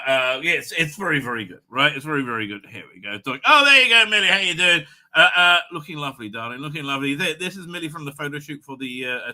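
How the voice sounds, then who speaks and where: A man's voice: fairly high pitch, bright, forceful tone. A man hosting a casual livestream, rambling crudely with many fillers and tag questions. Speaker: livestream host.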